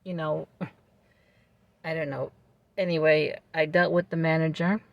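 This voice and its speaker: A vlogger telling a personal story to camera in a calm, measured way, with fillers and restarts. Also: medium pitch, creaky, dry recording, highs cut off.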